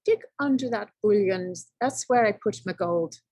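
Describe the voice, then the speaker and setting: A woman voicing a sly, tiny old male leprechaun shoemaker in a read-aloud storybook, sharp and whining. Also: medium pitch, lively intonation, normal speed, no room sound, natural voice. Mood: wheedling.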